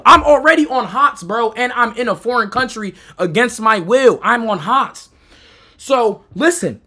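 A young American man who streams, telling a personal story in a loose, profane way, going from low mutters to shouts. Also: lively intonation, measured pace. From United States. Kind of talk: storytime chat.

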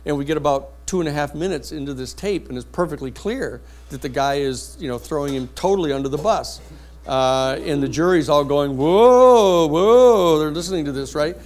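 A man's voice: on the high side, a little fast. Blunt man telling a courtroom story. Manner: lively, blunt anecdotal storytelling. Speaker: lecturer. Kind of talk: storytelling lecture. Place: university classroom.

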